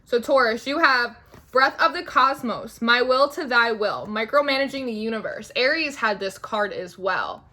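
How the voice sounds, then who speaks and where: Bright, chatty young woman reading tarot. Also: fairly high pitch, lively intonation, moderate pace. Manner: chatty, meandering, heavy use of "like". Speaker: tarot reader. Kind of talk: spiritual tarot reading monologue.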